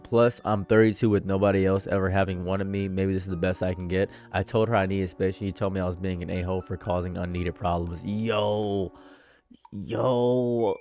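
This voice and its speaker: A male reaction streamer with a low voice reads a forum story and offers casual commentary. He's animated and ranting, lurching from loud outbursts down to low murmurs.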